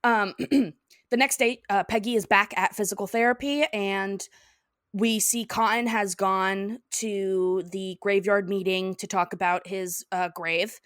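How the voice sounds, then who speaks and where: A woman's voice: mid-range voice, fairly even intonation, measured pace, fairly bright tone, smooth, no echo, clean studio sound. A woman co-hosting a podcast, recapping an episode in casual chat and acting out the characters' lines with lots of laughing. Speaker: podcast co-host.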